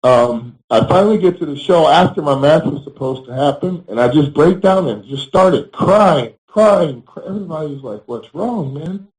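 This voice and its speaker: Blunt, swearing former wrestler telling stories. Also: male voice, fairly high pitch, lively intonation, moderate pace, hardly any pauses, darkish tone, rough recording. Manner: blunt, swears freely, emotional recounting; frequent fillers and restarts. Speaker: interview guest, former pro wrestler. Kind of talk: candid storytelling.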